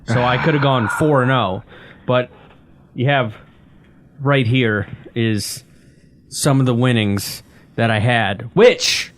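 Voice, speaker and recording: A man's voice: mid-range voice, slow pace, pauses often. A man co-hosting a casual sports podcast, joking and swearing through banter about bets. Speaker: podcast co-host.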